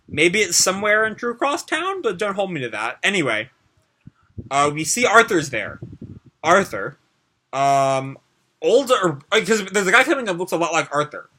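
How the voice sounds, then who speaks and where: A man's voice: sits high, big pitch swings, unhurried, pushed and bright. A man hosting a casual live reaction to a manga chapter. He recaps chattily with many fillers and asides, and reads the characters' dialogue aloud.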